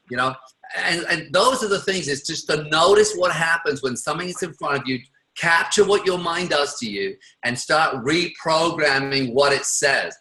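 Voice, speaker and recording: A man giving an energetic motivational talk to people on a call. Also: a little high, normal speed, echoey room, rough recording. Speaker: guest speaker.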